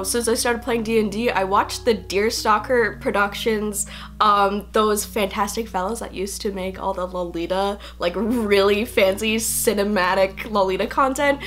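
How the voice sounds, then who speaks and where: A young woman, a fashion student, chatting casually to camera in a bubbly, giggly, playfully rambling way. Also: a little high.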